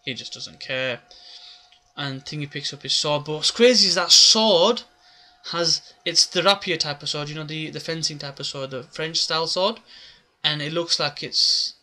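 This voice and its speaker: Bright-voiced man rambling through a recap. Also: on the high side, moderate pace. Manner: rambling, many filler words. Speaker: manga reviewer. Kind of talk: casual chapter recap.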